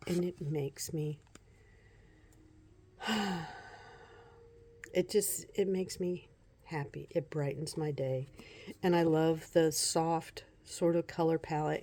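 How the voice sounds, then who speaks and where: Soft-spoken lady chatting about tarot decks at home, kinda low voice, takes her time, giggles a lot. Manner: soft-spoken and unhurried, often breaking into giggles. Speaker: tarot vlogger. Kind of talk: casual show-and-tell vlog.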